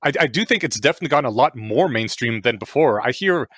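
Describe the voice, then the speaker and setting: A man hosting a podcast in casual chat, excitable, laughing often and swearing casually. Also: medium pitch, fast talker, no echo, clean studio sound. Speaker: podcast host.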